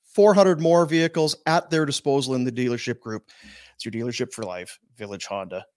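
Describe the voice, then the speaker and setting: A man hosting a sports podcast, chatting casually and reading sponsor ads in an animated way, with laughs and loud outbursts. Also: mid-range voice, brisk. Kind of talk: casual sports chat with ad reads.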